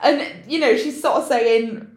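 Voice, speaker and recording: Animated, laughing woman in a roomy space. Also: high voice, unhurried. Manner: animated, laughing often, acting out characters' lines. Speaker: podcast co-host recapping a film. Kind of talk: casual chat. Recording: roomy echo.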